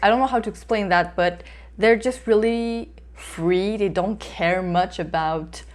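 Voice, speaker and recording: A woman's voice: medium pitch, a little slow. Chatty woman reviewing a book. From North America. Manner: chatty and hesitant, with frequent small laughs. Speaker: book reviewer, channel host. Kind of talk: casual book review vlog.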